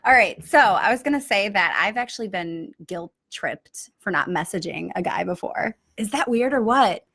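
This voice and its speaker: A woman co-hosting a casual chat, telling stories in an animated, exasperated way. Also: mid-range voice, moderate pace, husky. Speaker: podcast co-host.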